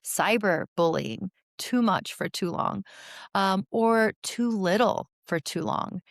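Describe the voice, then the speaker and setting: A woman in her forties, a therapist talking as a podcast guest, explaining with animated energy and frequent restarts. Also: medium pitch, slow, vocal fry, no room sound, studio quality. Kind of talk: podcast interview conversation.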